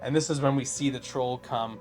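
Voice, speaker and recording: A man co-hosting a casual review chat, animated and exasperated, with lots of fillers and restarts. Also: medium pitch, fairly quick, faint music behind. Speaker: podcast co-host.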